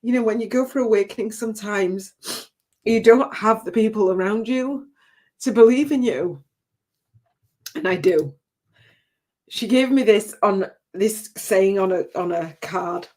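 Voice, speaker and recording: A woman's voice: mid-range voice, unhurried, long pauses, a little mellow. An older woman, a spiritual business coach, telling a heartfelt personal story on a livestream, often tearful and laughing. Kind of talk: emotional personal talk on a livestream.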